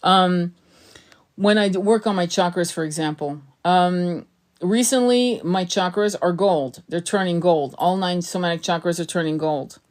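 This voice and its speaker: Here a spiritual coach and tarot reader talks to her viewers in a lowish, slightly slow voice. It's an informal teaching monologue, sincere and wandering, with words repeated whenever she starts a sentence over.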